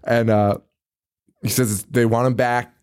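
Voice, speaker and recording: A man's voice: mid-range voice, little pitch movement, unhurried, a little mellow, clear, resonant tone. A man casually recapping a movie on a podcast, joking, swearing and laughing often as he acts out lines. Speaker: podcast co-host.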